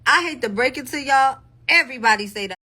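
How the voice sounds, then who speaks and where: A woman in her thirties with a New Jersey accent talks into her phone on a livestream. Her voice is bright and fairly high, and she is blunt, emphatic and profane, hammering the same points again and again. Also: animated, fast talker, breathy edge. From New Jersey, USA. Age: 30s. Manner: emphatic, repetitive, defensive, profane. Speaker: live streamer addressing followers. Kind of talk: casual livestream monologue.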